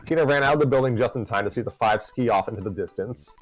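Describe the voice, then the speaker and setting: A man's voice: medium pitch, fast talker, soft background music, poor audio. A man hosting and reading a story aloud live, narrating conversationally with self-corrections. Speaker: story reader and host.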